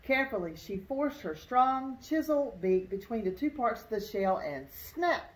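A woman's voice: on the high side, very animated, a little slow. A woman teacher reading a storybook aloud to children, expressively pointing out things in the pictures as she goes. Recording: roomy echo.

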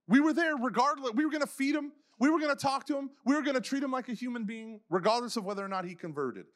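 At a faith conference, a male speaker with a high-pitched, fairly bright voice tells stories casually, dropping lots of "like" fillers and acting out the people he quotes.

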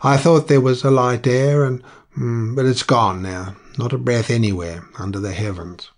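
A man voicing a gruff, red-faced male ship's mate with a hoarse voice and curt, growling orders. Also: medium pitch, fairly even intonation, moderate pace, natural voice. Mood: deferential.

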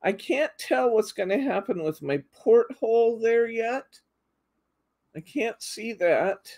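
This middle-aged woman hosts a live craft demonstration, chatting, laughing a lot and reading out comments from viewers. Her voice sits on the high side, animated and a little mellow, and she takes things slowly.

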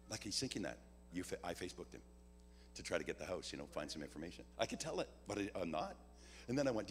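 Man preaching in a reverberant church hall. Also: on the low side. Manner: animated storyteller who acts out each side of a dialogue; builds to a loud exhortation about giving. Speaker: guest preacher. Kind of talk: sermon with a personal testimony. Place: church service. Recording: long hall reverb with a faint hum.

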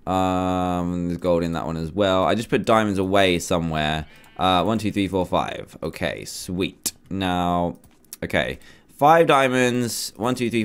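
A man in his twenties giving animated, self-mocking commentary on his Minecraft survival game, talking to himself as he plays. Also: sits low, smooth. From England. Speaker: gaming YouTuber. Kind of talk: Minecraft let's play commentary.

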